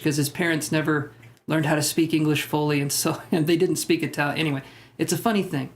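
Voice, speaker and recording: A man's voice: on the high side, steady tone, fairly quick. Joking, rambling man chatting on a livestream. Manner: rambling, self-deprecating, joking with chat. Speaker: tarot livestream host. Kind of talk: casual live-stream chat reading comments.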